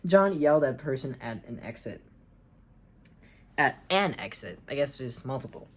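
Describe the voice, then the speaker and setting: Brief: young woman, low and lively voice, mocks her own childhood story between lines. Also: brisk. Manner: sarcastic asides, frequent ums and uncertain trailing off. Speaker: reader and commentator. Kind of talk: reading her own childhood story aloud with mocking commentary.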